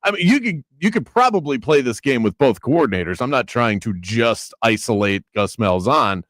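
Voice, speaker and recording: A man's voice: medium pitch, moderate pace, dry recording. A man hosting a sports talk radio show, arguing his points with lots of restarts. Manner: animated, argumentative, restarts.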